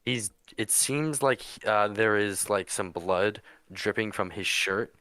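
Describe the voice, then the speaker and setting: A man narrating a tabletop role-playing game as game master, in a halting, casual way. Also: fairly low pitch, pushed and bright, dry recording.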